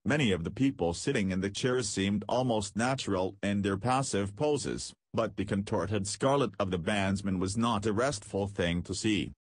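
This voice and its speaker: Male audiobook reader, husky, measured storytelling, dry close sound. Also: on the low side, no room sound. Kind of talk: scripted narration.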